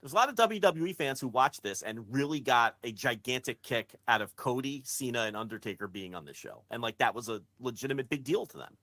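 A man co-hosts a wrestling podcast in loose, blunt talk, swearing and heating up when he mocks excited fans. His voice sits at a middle pitch. It sounds close and dry on a podcast mic. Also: fairly quick, hardly any pauses, no room sound. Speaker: podcast co-host. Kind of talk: casual wrestling podcast chat.

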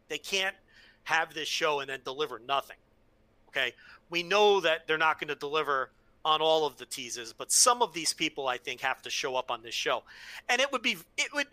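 A man's voice: a little high, sharp tone, no echo. A man co-hosting a casual talk podcast, opinionated with wry teasing. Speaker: podcast co-host. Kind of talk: casual wrestling chat.

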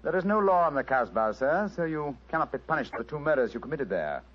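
A man's voice: a little high, sing-song, fast talker. An actor playing a precise, coolly accusing male detective in a 1940s radio drama. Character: cool, cutting male detective. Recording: dull lo-fi old radio recording.

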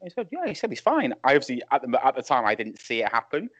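A man's voice: medium pitch, sing-song, rapid-fire, a bit bright, no echo. A man, a wrestling referee guest, telling rambling anecdotes with chuckles over a video call. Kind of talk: casual chat. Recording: muffled Skype call audio.

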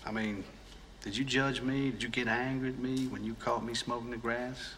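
An actor playing a soft-spoken, menacing ex-convict with a Southern accent, speaking slowly and coaxingly in a film clip. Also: male voice, mid-range voice, fairly even intonation, slight background noise, lightly acted. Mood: coaxing menace. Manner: slow, coaxing, quietly threatening. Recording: film clip with long reverb, faint ambience.

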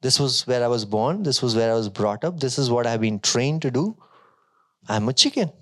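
A man voicing a timid, stubborn young eagle who believes he is a chicken, in a sermon parable, protesting in quick, flustered bursts. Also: mid-range voice, lively intonation, a bit bright, lightly acted. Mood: indignant.

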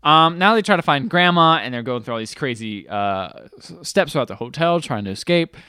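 A man's voice: a little high, expressive, fairly quick, bright, forceful tone, smooth, no echo, studio quality. A man casually recapping a film on a podcast, wry and sarcastic with joking asides. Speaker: podcast co-host.

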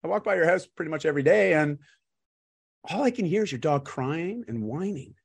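A man's voice: on the high side, animated, a little fast, gravelly, slightly rough, full character voice. A man voicing a curious, polite young man who asks eager, puzzled questions.

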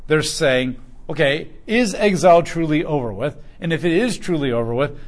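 A man in his thirties reading scripture aloud and explaining it in a relaxed, conversational way. He reads the verses slowly and speeds up when he explains them. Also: mid-range voice. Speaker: Bible teacher.

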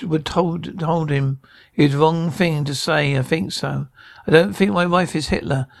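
A gravelly, bickering sitcom guy. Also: fairly high pitch. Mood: apologetic. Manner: bickering, stammering restarts. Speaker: sitcom character. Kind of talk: improvised sitcom dialogue.

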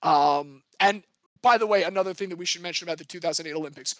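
A man's voice: high-pitched, quick pace, no room sound. A man from the United States co-hosting a casual sports history chat, rambling and jokey, often correcting himself mid-sentence. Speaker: podcast co-host.

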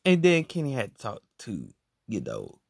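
A young man telling a story in a casual podcast monologue, animated and slangy, saying "bro" constantly. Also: fairly low pitch, moderate pace, creaky, slightly rough, no room sound, clean studio sound. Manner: animated and slangy, every phrase ending on "bro".

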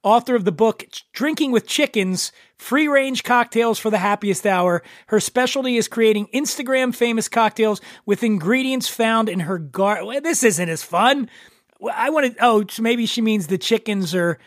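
A man hosting a podcast in casual chat, jovial and quick to laugh. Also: high-pitched, no echo, clean studio sound. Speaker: podcast host.

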